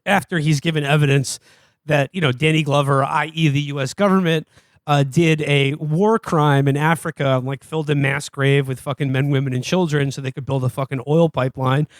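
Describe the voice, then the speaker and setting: A man with a slightly high voice tells a film's plot on a podcast. He swears freely and slips into mocking voices for the characters. His mic sounds close and dry, with no room in it. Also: fairly quick, no echo. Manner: profane, animated retelling with mocking quoted voices. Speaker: podcast co-host. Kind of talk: casual comedic movie recap.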